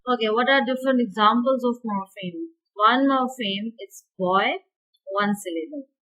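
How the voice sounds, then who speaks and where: Lecturing woman, slightly high voice. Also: pushed and bright, rough recording. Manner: explains slowly, repeating key words and stretching examples. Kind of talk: university lecture.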